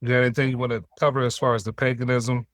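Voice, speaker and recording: A man moderating a casual podcast debate, tossing out brisk prompting questions. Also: medium pitch, little pitch movement, dry recording, studio quality.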